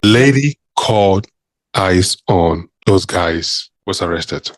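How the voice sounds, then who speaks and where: Man, fairly low voice, dry close sound, laid-back podcast chat. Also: animated, takes it slowly, no room sound. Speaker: podcast co-host. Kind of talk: casual chat.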